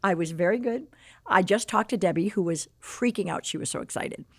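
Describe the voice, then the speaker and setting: Her voice is mid-range and her pace brisk as this woman in her sixties, a Chicago-area native, guests on a podcast. She relates a story from her life with lively energy, voicing the quoted exchanges herself. The sound is studio quality, with no room sound.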